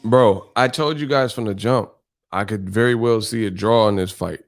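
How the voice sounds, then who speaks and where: A man's voice: lowish voice, moderate pace, faint music behind. A man hosting a boxing live stream, ranting bluntly and combatively with heavy cursing. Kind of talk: casual live-stream rant.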